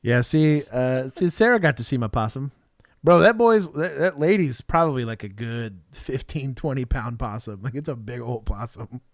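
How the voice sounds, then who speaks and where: A man's voice: medium pitch, lively intonation, moderate pace, no room sound, clean studio sound. A middle-aged man from Texas, a former police officer co-hosting a show, chatting casually and telling rambling stories with laughs. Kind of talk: casual chat reacting to bodycam clips.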